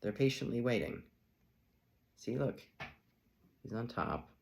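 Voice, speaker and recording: A man's voice: mid-range voice, very animated, slow, vocal fry, a little mellow, slight background noise. A man giving a casual tarot reading in a playful, chatty way, acting out little reactions as he goes. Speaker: tarot reader.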